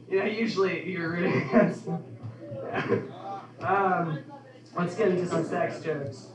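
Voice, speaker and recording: A man's voice: sits high, distant mic, crowd noise. Young man doing stand-up in an echoey club. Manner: offhand, halting delivery with many ums. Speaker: stand-up comedian. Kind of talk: stand-up comedy set. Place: comedy club.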